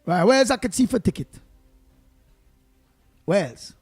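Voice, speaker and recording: High-voiced Trinidadian man hosting radio. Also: measured pace, husky, faint music behind. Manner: animated, loud outbursts, sings snatches, mimics others. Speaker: radio show host. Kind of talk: lively call-in radio chat and storytelling.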